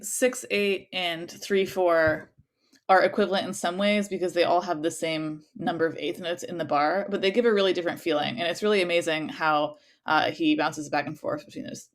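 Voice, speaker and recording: A young woman teaching a music interpretation class, chatting casually and singing rhythms on nonsense syllables between explanations. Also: lowish voice. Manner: casual, sings rhythms on syllables, many fillers.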